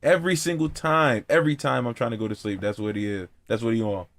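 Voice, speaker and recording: A man's voice: mid-range voice, steady tone, fast, gravelly, a bit bright. A young man hosting a casual podcast chat, telling stories in laid-back slang and laughing often. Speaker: podcast host.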